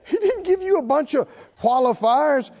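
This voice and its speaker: High-voiced older male preacher, animated. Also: normal speed, lo-fi sound. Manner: emphatic, preachy, folksy humor. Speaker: pastor. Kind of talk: sermon.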